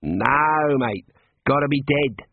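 A man's voice: mid-range voice, expressive, takes it slowly, creaky, husky, no room sound, full character voice. A man voicing a cheerfully callous male prison warder who drawls in casual slang. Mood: callous jovial. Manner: drawling slang, calls people "mate". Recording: narrow phone-like band.

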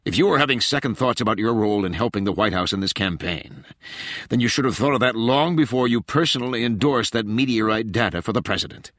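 A man reading an audiobook, voicing a raspy, cold, stern female presidential advisor who talks in a clipped, scolding way. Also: medium pitch, lively intonation, moderate pace, pushed and bright, dry recording, clean studio sound, voice pushed up. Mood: icy.

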